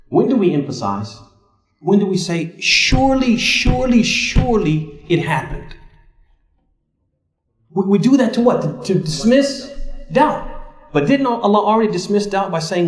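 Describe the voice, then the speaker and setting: A man leading a religious study workshop, asking the group questions and answering them himself, his voice climbing to press a point. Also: a little mellow. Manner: asks the class questions and fills in the answers himself; rises in pitch to stress points. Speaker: Islamic teacher leading a workshop. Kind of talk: interactive classroom teaching. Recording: echoey room.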